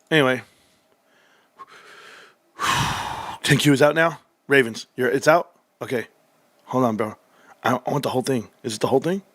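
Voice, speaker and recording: A man hosting a livestream, reading through financial reports with excitable commentary that swings from muttering to yelling, his voice going hoarse. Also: medium pitch, no echo. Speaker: livestream host.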